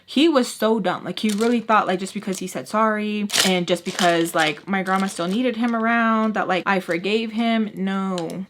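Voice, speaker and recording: A woman's voice: mid-range voice, a little hiss or hum. Young woman telling a personal story. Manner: fillers of "like", acts out quoted voices. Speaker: storytime vlogger.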